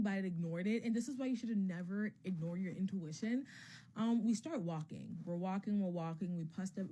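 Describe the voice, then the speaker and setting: Young woman, storytime vlog, casual, profane, filler-heavy, animated retelling. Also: lowish voice.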